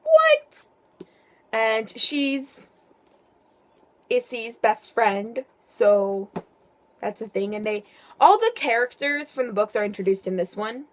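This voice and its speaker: A woman's voice: mid-range voice, animated, a little slow, slight background noise. A teenage girl chatting casually about her favourite books in a vlog, with playful, sarcastic asides. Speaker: book vlogger. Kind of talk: casual book review vlog.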